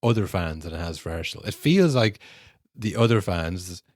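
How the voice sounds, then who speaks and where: A man co-hosting a podcast, talking football casually and animatedly, acting out fans' back-and-forth in quick asides. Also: low-pitched, dry recording, studio quality. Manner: animated, mimics fans and rivals in quoted asides. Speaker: podcast co-host.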